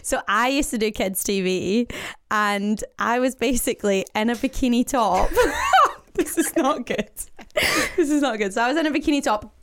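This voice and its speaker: A woman's voice: a little high, moderate pace. A Scottish woman co-hosting a podcast, telling stories in casual chat, laughing often and tagging her sentences with "right?". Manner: chatty storyteller, laughs often, many "like"s and "right?"s. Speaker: co-host, radio and TV presenter.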